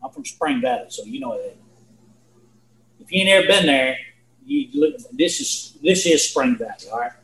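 A man's voice: mid-range voice, expressive, moderate pace, pauses often, a bit bright, roomy sound, rough recording. A man teaching a Bible lesson in a folksy, earnest way, repeating himself and asking his listeners questions. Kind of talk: sermon.

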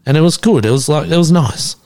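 Lively Aussie male host, young, sweary storyteller. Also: fairly high pitch, fast. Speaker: podcast co-host. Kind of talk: casual chat.

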